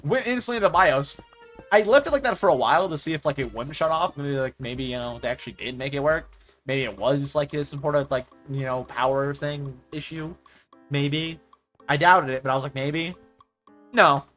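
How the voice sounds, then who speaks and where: A man's voice: a little high, fairly quick, a bit bright, faint music behind. A young man streamer in casual chat, ranting in exasperation and swearing freely as he mimics the people he talks about.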